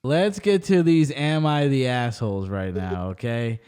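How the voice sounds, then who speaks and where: A man hosting a podcast, ranting in an animated, jokey, emphatic way. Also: medium pitch, measured pace, clear, resonant tone. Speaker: podcast host. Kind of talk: casual chat.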